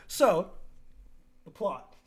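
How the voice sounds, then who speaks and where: A young adult podcast host who retells a movie plot in casual chat, swearing freely, laughing often and acting out the quotes. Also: extremely slow.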